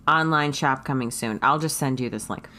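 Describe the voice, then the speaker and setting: A woman's voice: very deep voice, normal speed, bright, forceful tone. A woman co-hosting a book club podcast, chatting casually and reassuring her friend. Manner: supportive, reassuring. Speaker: podcast co-host. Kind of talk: casual chat.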